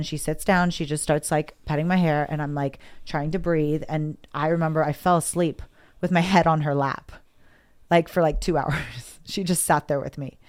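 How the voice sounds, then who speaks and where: A woman with a slightly low voice tells a personal story candidly. She rambles and repeats herself, with emotion running through her talk. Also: clean tone. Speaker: guest.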